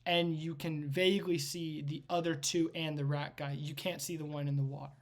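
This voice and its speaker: A man's voice: on the high side, flat delivery, normal speed. A man working as game master, describing a scene in loose, rambling narration full of fillers.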